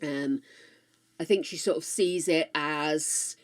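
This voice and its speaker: A woman's voice: low voice, slow pace. Older British woman streamer, casual and frank, swears freely, chats while gaming. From United Kingdom. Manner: chatty, frank and swearing freely, with playful asides to chat.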